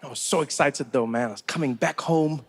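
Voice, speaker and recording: A man's voice: medium pitch, fairly quick, husky. A man from South Africa doing stand-up, telling stories and acting out the people in them. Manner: animated, acts out the people in his stories. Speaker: stand-up comedian. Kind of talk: stand-up storytelling.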